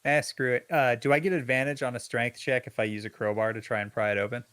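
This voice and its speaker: A man's voice: mid-range voice, fairly even intonation, quick pace, fairly bright tone, clear, resonant tone. A man playing a tabletop game, asking rules questions and teasing others in casual talk. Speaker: player.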